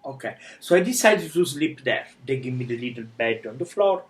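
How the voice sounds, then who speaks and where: A man telling a dramatic personal story live in broken non-native English, often dropping to a hushed whisper. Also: medium pitch, lively intonation, moderate pace, hardly any pauses, a little hiss or hum, rough recording. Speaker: life coach telling his story.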